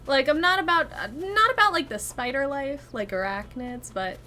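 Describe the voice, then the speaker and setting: A young woman streaming a game, chatting casually to her viewers, giggling and thinking out loud. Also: sits high, normal speed, slight background noise. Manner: chatty, giggly, talks to chat and herself. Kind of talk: casual gameplay chat.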